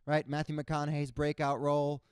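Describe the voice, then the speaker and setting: A young man from Cuba performing a stand-up comedy set on stage, with no accent and frequent jumps into high character voices. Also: completely flat delivery, normal speed, clean tone, no room sound, clean studio sound. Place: comedy stage before a live audience.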